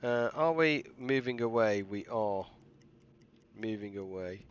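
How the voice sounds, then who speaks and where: A man's voice: fairly low pitch, lively intonation, slow pace, clear, resonant tone, muffled recording. A British man chatting casually while streaming a game live, rambling and often restarting his sentences. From Britain. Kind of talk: casual live gameplay chat.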